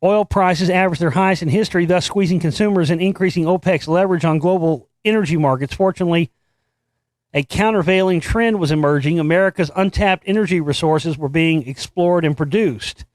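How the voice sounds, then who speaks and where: A man hosting his own commentary show, his voice sitting notably high for a man. He reads an article aloud and breaks off into profane, sarcastic jabs at it. The sound is dry and close, with no room echo at all. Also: a little fast. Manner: sarcastic, swears freely, mocks what he reads. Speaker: host.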